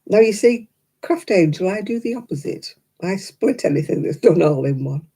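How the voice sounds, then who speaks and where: An older woman from Oldham with a broad Lancashire accent, chatting with her livestream viewers. Her voice is very dark and mellow, and she is opinionated and quick to laugh. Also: fairly low pitch, animated, husky. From Oldham, England. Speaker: crochet livestream host. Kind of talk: casual chat with live viewers. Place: home, crafting at a table.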